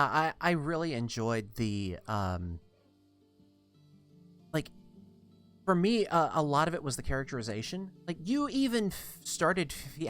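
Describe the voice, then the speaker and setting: A man chatting casually on a live gaming stream, relaxed and quick to laugh. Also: medium pitch. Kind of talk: casual chat while gaming.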